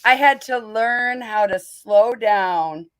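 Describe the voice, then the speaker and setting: Chatting casually on her livestream, this North Dakota host talks slowly in a slightly high voice. Her accent mixes North Dakota and Southern US sounds, and she laughs a lot amid her fillers.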